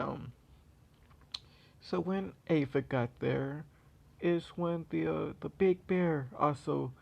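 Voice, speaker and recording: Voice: mid-range voice, vocal fry, muffled recording. A storyteller casually retelling a fan story, rambling with many fillers and restarts.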